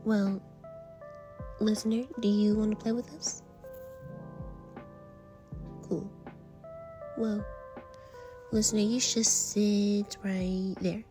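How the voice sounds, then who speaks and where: A woman's voice: mid-range voice, flat delivery, slow pace, pauses often, mellow, faint music behind. A woman performing a casual fan role-play audio drama, trading slangy, teasing banter as she voices several friends.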